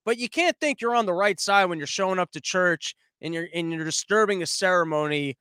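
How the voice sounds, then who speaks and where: A man's voice: sits high, brisk, sharp tone, clean tone, no room sound. An American man hosting a commentary show, ranting in a rambling, profane, sarcastic way.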